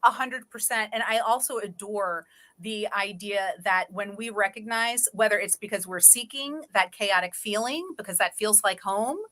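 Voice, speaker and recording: A woman's voice: medium pitch, moderate pace, sharp tone. A woman who is a guest on a podcast and a coach, talking candidly in a slangy style and laughing easily. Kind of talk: casual podcast conversation.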